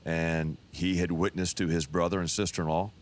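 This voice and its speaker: Man, 50s, pastor, deep voice, folksy testimony storyteller. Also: flat delivery, moderate pace. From Texas.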